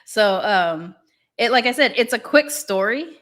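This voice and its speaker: A woman's voice: on the high side, animated, measured pace, fairly bright tone. A woman co-hosting a podcast in casual chat, talking loosely with many fillers and restarts. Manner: rambling, full of fillers and restarts. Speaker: podcast co-host.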